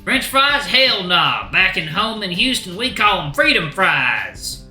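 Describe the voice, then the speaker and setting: A man voicing a brash young male cat who puts on a slow, fake Texan drawl and teases everyone. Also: sits high, very animated, sharp tone, reverberant, soft background music, pitched above the performer's own voice, exaggerated voice. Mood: cocky drawl. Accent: put-on Texan. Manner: cocky and teasing.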